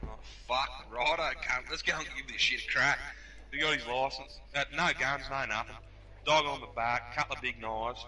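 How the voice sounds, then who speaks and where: A man with an Australian accent telling hunting stories on a casual podcast, swearing freely and animated. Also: mid-range voice, normal speed, distant mic. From New South Wales, Australia. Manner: profane, animated, laughs while telling stories. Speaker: podcast storyteller.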